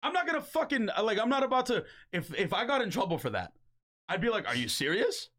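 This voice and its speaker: A young man co-hosting a casual podcast, talking in an animated, swearing way and slipping into mock voices. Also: high-pitched, fast talker. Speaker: podcast co-host.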